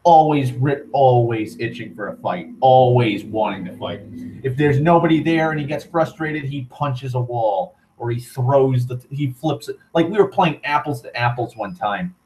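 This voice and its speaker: A man's voice: medium pitch, darkish tone, poor audio. A young man telling a long story in a casual, rambling monologue, swearing freely and filling his talk with "like" and restarts. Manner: profane, rambling, full of "like" and restarts. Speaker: channel host.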